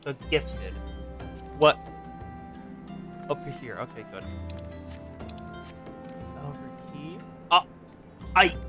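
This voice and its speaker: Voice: mid-range voice, sharp tone. A game streamer giving casual, rambling live commentary, talking to chat while playing. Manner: chatty, rambling, addresses chat.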